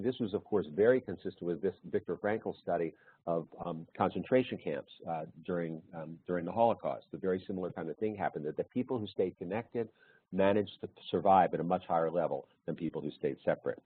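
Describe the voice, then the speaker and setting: A man with a deep, slightly husky voice speaks in an easygoing, anecdotal way as a webinar presenter. The sound is dry and squeezed into a narrow, phone-like band, as on a video call. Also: dry recording. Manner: anecdotal, storytelling. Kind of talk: conversational webinar talk.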